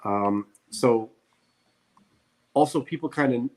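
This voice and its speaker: Speaking slowly in a mid-range, slightly mellow voice, a man co-hosts a podcast. His casual, opinionated chat comes out as a blunt rant full of emphatic repetitions.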